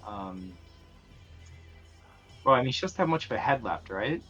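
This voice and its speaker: Guy at a game table, bright voice, kinda muffled lo-fi mic, hesitant. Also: medium pitch, expressive, unhurried, husky, soft background music. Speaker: player. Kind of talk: casual game banter.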